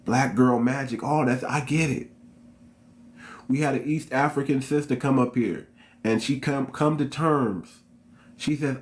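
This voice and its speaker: Guy from the us doing a slangy commentary rant, mid pitch, keeps repeating himself. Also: measured pace. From United States. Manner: emphatic, repetitive, slangy, talks straight to viewers. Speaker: channel host. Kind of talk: unscripted commentary monologue.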